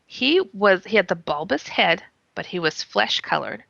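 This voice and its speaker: Give me a woman with a bright, forceful voice recounting a strange encounter in lively, expressive bursts, laughing now and then and putting on her own quoted words. The sound is a bit muffled and lo-fi, with a dry, close feel and no room around it. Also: mid-range voice, normal speed, gravelly, no echo. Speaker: guest. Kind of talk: animated first-person storytelling.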